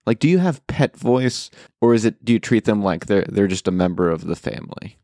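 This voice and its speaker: A man's voice: fairly low pitch, expressive, fairly quick, mellow, no echo, clean studio sound. A man co-hosting a casual gaming podcast, playful and joking as he runs through the lineup. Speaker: podcast co-host. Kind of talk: casual chat.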